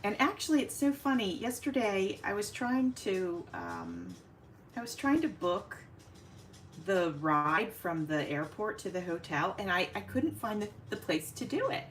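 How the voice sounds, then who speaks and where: A woman hosting a casual craft livestream, chatting warmly with viewers by name and laughing often as she works. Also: mid-range voice, sing-song, unhurried, slight background noise.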